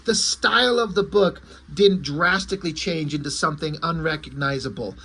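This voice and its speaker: High, husky-voiced man reviewing comics. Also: moderate pace, pushed and bright. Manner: rambling, self-correcting, casual swearing.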